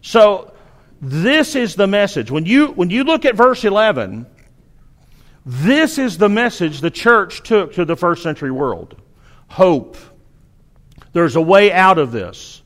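A man's voice: sits high, sing-song, a little slow, a bit bright. A man preaching a sermon, earnest and emphatic, building his points through repetition. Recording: long hall reverb.

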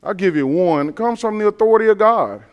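A man's voice: high-pitched, lively intonation, fairly quick, muffled recording. A man preaching a sermon to his congregation, talking emphatically, repeating his phrases and asking rhetorical questions.

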